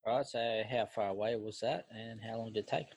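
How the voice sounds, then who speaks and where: A man's voice: fairly low pitch, steady tone, a little fast, a little mellow, no echo. A man co-hosting a podcast in casual, blunt, slangy banter. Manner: laid-back, blunt, slangy. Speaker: podcast co-host.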